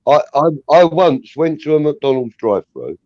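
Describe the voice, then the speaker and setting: A man telling animated, swear-filled stories in casual chat. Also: on the high side, moderate pace, no room sound. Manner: animated storyteller, swears freely. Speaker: podcast co-host. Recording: dry, dull lo-fi sound.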